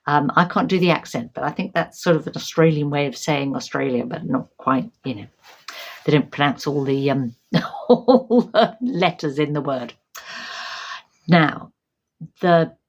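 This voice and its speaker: Low-voiced woman chatting about books. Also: gravelly. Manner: chatty, hesitant, many ums and restarts. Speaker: book vlogger. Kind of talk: casual book chat to camera.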